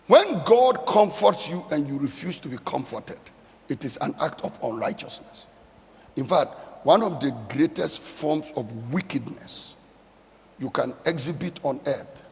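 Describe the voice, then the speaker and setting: A man's voice: fairly high pitch, gravelly, in a large hall. A middle-aged male pastor delivering a sermon, mixing emphatic repeated phrases with conversational storytelling.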